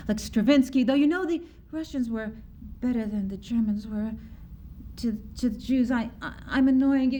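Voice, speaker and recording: A woman performing a poem in the voice of a survivors' son who stammers and keeps apologizing, in a slow, high voice. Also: mellow. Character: nervous apologetic adult son of Holocaust survivors. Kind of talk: dramatic poetry performance. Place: live performance on stage.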